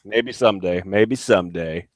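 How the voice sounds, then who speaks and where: A man co-hosting a podcast, chatting casually, relaxed and wry, with a few swears. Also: low-pitched, no echo, clean studio sound. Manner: relaxed, wry, quick to joke back. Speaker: podcast co-host. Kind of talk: casual profane chat.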